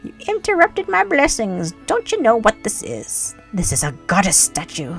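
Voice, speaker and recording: A stern, preachy village wife scolds in a raised, higher voice with a put-on accent, done by a woman reading game dialogue. The voice has a gravelly edge and carries loudly. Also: huge pitch swings, moderate pace, soft background music, full character voice. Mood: scolding.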